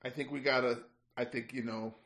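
A tough vampire hunter with a put-on Chicago accent, as a man plays him, blunt and ready to kill. He talks in plain, hard-nosed phrases at a moderate pitch for a tabletop role-play. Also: fairly even intonation, a little fast, fairly bright tone, natural voice. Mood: gruff. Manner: blunt, tough-guy talk. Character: gruff male vampire hunter, blunt and violent.

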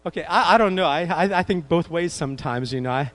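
A man preaching a sermon in an animated way, asking his congregation questions as he retells a story. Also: fairly high pitch, quick pace, low-quality recording. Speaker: pastor.

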